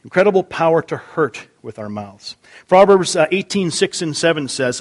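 Man, pastor, sermon in church, fairly high voice, relaxed interactive delivery, frequent restarts. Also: normal speed. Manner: conversational, repeats congregation answers aloud; stumbles and restarts often.

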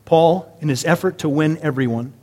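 A man preaching in a relaxed, conversational sermon style, his voice sitting a little higher than most men's. He keeps things lively with rhetorical questions and chatty asides to his listeners. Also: normal speed.

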